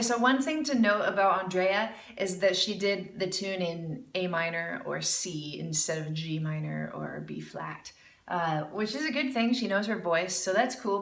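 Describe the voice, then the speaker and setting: Woman vocal coach, bright and forward tone, encouraging jazz scat teacher in a roomy space. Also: fairly low pitch, distant mic. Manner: encouraging, demonstrates with sung scat syllables. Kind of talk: music lesson critique with scat singing demos.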